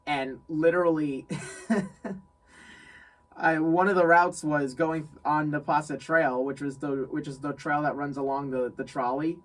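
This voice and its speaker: A young man from New York telling a story in casual chat, animated, laughing often and repeating phrases. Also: a little high, unhurried, far from the mic, poor audio. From New York State. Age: young adult. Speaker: guest friend.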